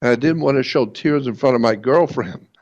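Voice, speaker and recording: A man in an interview telling a personal story in a halting way, repeating words and slowing down for emphasis, on a dull lo-fi recording. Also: mid-range voice, a little mellow. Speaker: guest.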